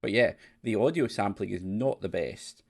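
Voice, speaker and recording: A man's voice: lowish voice, moderate pace. A man playing a classic adventure game and chatting casually as he pokes fun at its voice acting. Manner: chatty, mocking the game's acting. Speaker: let's play streamer. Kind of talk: casual let's play commentary.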